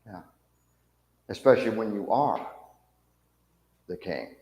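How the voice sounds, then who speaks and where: Speaking slowly in a lowish voice, this man runs a church Bible class, putting questions to the group and bringing the story's characters to life, such as jeering soldiers. His animated delivery echoes through a room with long reverb.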